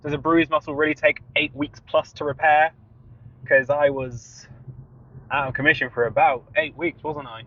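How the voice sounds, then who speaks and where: A man co-hosting a podcast in casual chat, telling stories in an animated way and laughing often, recorded inside a car. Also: on the high side, normal speed. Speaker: podcast co-host. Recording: dull lo-fi recording.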